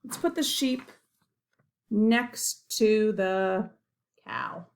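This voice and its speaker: Slow, gravelly-voiced woman teaching small children. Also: medium pitch. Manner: gentle and encouraging, with drawn-out animal sounds. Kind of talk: slow, simple lesson for young children.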